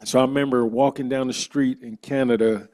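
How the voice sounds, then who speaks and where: A man on a discussion panel, a former professional football player, telling a lively personal story in casual slang. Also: medium pitch, fairly quick. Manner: animated storyteller, acts out quoted dialogue, casual slang.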